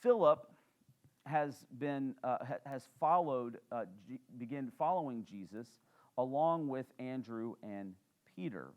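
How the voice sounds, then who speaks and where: A man's voice: mid-range voice, animated, a little slow, muffled recording. A man, a pastor teaching a sermon in church in a conversational way, with fillers and questions to the congregation.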